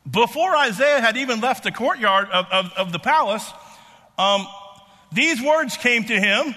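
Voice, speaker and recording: Male preacher, very high and bright tone, halting delivery, long hall reverb. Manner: halting, repeats words, many fillers. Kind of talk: sermon.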